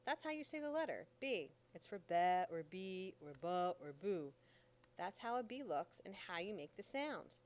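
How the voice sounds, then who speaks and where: A woman reading an audiobook voices a calm, plain-spoken grown man who escaped once and came back to teach. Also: high voice, normal speed, hardly any pauses. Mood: patient.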